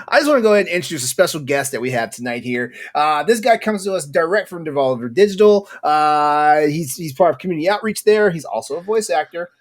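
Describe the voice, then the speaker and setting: A man hosting a podcast, laughing often and jumping in to steer the conversation and introduce the guest. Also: on the high side. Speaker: podcast host.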